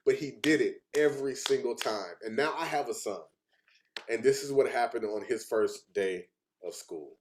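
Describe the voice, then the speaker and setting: A young man gives a heartfelt personal presentation, speaking earnestly and at times choking up and fighting back tears. His voice is medium-pitched and animated, at a normal speed.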